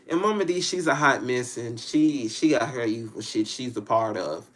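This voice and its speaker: Speaking at a moderate pace with hardly any pauses, a Southern US man with an ordinary mid-pitched, slightly bright voice delivers a loose, rambling monologue like a spiritual reader addressing his viewers directly. He's blunt, slangy and full of curses, and he keeps circling back to repeat himself.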